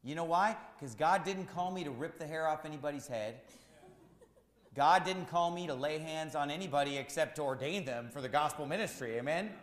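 A man preaching a sermon as pastor, repeating his points with rising, shouted emphasis. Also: a little high, a little fast, reverberant, big-room sound.

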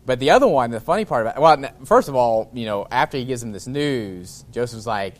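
A man preaching a sermon in a relaxed, informal way, chuckling often and breaking off to restart his sentences. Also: medium pitch. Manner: reads scripture in a slower, formal cadence. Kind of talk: sermon with scripture reading.

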